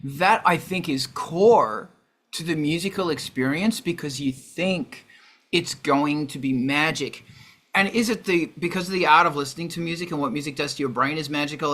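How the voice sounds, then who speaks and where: A man hosting a casual music chat, animated and profane, with jokey asides. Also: a little high, normal speed. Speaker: host. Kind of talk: casual chat on a video call.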